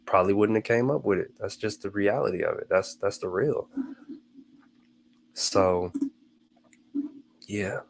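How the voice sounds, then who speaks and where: A man's voice: lowish voice, a little slow, gravelly, pauses often, slight background noise. A man hosting a motivational talk, speaking casually, repeating phrases for emphasis and calling his listeners y'all. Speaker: host.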